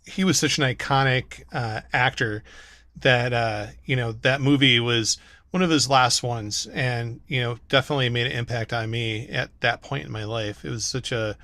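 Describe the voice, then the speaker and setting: Brief: man with a bright, forward voice, earnest and halting, dry close sound. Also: mid-range voice, fairly even intonation, dry recording. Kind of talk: casual chat.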